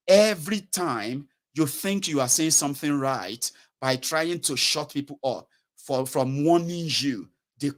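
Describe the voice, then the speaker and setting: A man with a Nigerian accent giving casual political commentary, acting out prayers and slipping into Pidgin. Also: a little high. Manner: animated, acts out mocking prayers in Nigerian Pidgin.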